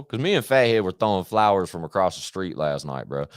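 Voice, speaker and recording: Male streamer with a lowish voice and a dead-dry sound, rambling loosely and swearing freely. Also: sing-song, brisk, few pauses, clear, resonant tone, dry recording. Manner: profane, slangy, rambling. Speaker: live streamer. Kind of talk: casual rambling stream chat.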